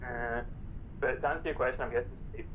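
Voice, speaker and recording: A man, a podcast guest, making wry, teasing asides in quick casual chat. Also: mid-range voice, steady tone, narrow, tinny audio, a little hiss or hum.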